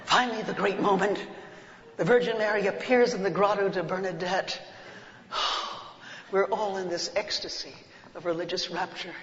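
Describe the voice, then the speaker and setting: An older woman telling an animated, comic story to an audience. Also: mid-range voice, normal speed, long pauses, a little hiss or hum. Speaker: speaker. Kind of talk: humorous storytelling talk to an audience. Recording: muffled echoey hall recording.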